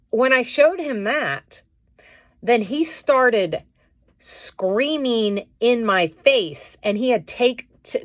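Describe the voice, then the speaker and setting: Slow-talking woman venting on a vlog. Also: fairly high pitch, dry recording, clean studio sound. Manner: indignant, venting, animated retelling. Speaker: vlogger. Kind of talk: casual vlog storytime.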